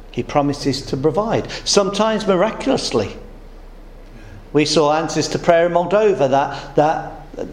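A man's voice: fairly high pitch, a little mellow. Preacher man in a roomy church. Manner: storytelling with humorous anecdotes. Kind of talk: sermon. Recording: roomy echo.

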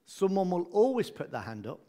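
A man gives a sermon with a fairly high, light voice. He keeps it conversational and humorous, breaking off for asides. His tone stays friendly and unhurried. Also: very animated, dark tone. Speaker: preacher.

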